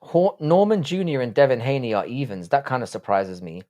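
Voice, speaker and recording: A man's voice: mid-range voice, sing-song, a little fast, warm tone, lo-fi sound. A man hosting a casual live stream, reading chat aloud and answering in a blunt, profane way.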